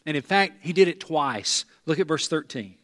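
A pastor preaching a sermon to a congregation, talking earnestly and repeating words for emphasis. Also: male voice, fairly high pitch, animated, moderate pace, fairly bright tone. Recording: long reverb of a large hall.

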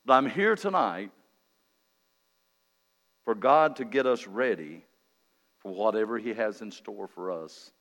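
A visiting male revival preacher gives a folksy, joking sermon, swinging from quiet asides to loud emphatic calls. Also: medium pitch. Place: church sanctuary during an evening meeting. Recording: long reverb of a large church hall.

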